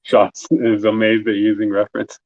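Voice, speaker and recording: A man's voice: on the low side, completely flat delivery, moderate pace, a little mellow, no room sound, dull audio. A man co-hosting a live stream, chatting casually and teasing the artist, often breaking into laughs. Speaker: co-host. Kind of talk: casual chat.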